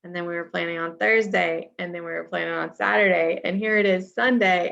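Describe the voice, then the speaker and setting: A woman co-hosting a casual podcast who speaks earnestly and reflectively, with occasional bursts of excitement. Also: on the low side, fairly quick, creaky, hardly any pauses. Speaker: podcast co-host. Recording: dull lo-fi audio.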